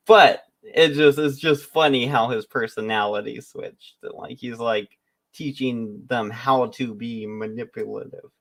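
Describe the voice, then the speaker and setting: Male stream host, mid-pitch, loose joking rambles, casual reaction commentary. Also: slow pace, a bit bright. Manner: rambling, joking, self-interrupting.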